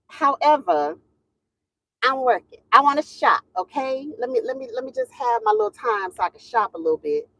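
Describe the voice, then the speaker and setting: Chatty laughing woman, lively high voice. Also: normal speed, dry recording. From Southern United States. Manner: chatty, laughs often, drawling Southern phrasing. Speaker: livestream host greeting viewers. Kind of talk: casual livestream chat. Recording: dull lo-fi sound, dry room.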